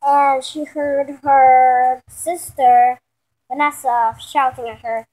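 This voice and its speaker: Brief: high, unhurried woman, loose rambling storyteller. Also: flat delivery, a little mellow. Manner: rambling, restarting, self-correcting. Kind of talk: improvised spoken story.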